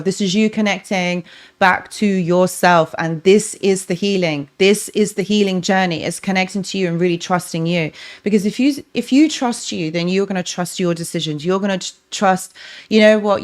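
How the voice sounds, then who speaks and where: A woman from North London, her London accent smoothed toward a posher tone, speaks on a live stream. Her voice sits a little low as she reads out viewers' messages and answers them gently. She talks directly to people in the chat and often breaks off and restarts her sentences. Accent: London, softened. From North London, England. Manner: warm encouraging, talks to chat by name, many restarts. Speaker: relationship coach, livestream host.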